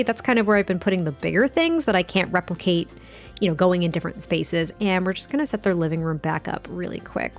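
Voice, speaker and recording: A young adult woman giving casual let's-play commentary, chatty and giggly, rambling with lots of fillers. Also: medium pitch. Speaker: gaming video host. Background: faint background music.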